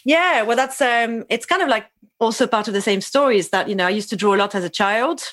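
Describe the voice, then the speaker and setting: A woman's voice: on the high side, fast, fairly bright tone, no echo. Chatty woman in her forties, from France. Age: 40s. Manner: chatty, laughs often, restarts sentences. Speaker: podcast guest. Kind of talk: casual conversation.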